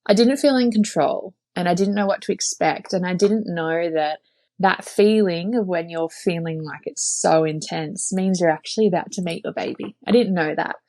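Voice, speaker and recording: A woman's voice: lowish voice, moderate pace, a little mellow, dry recording. A young woman telling her own birth story in an earnest, chatty way, full of "like" fillers. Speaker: podcast guest sharing her birth story. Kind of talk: casual personal storytelling.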